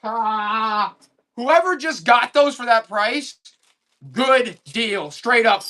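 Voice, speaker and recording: A man's voice: very high voice, slow pace. A man selling items on a live auction stream, hyping each piece and talking to his viewers. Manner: excited hype salesman talk.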